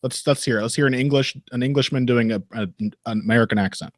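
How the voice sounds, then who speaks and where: A man's voice: mid-range voice, fairly even intonation, quick pace, no room sound, studio quality. A man co-hosting a casual podcast chat, teasing the others and laughing often. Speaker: podcast co-host.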